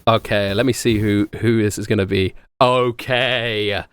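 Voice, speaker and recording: A man narrating as game master of a tabletop game, animated and laughing often, with many fillers. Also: fairly low pitch, a little slow, slight background noise.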